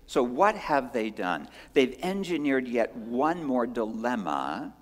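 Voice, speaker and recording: A pastor preaching a sermon in an earnest way, moving between strong emphasis and hushed lines and asking rhetorical questions. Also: male voice, mid-range voice, very animated, slow, hardly any pauses. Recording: long hall reverb.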